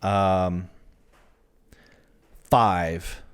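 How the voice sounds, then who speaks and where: A man's voice: low-pitched, fairly even intonation, very slow, clear, resonant tone. A man from the American Midwest co-hosting a podcast, chatting candidly and a little self-deprecatingly about his dating life. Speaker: podcast co-host. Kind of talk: casual chat.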